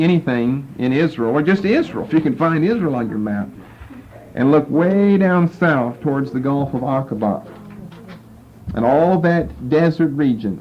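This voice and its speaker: A man teaching a Bible class and patiently walking listeners through verses and Hebrew words. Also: medium pitch. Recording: dull lo-fi lecture recording with faint noise.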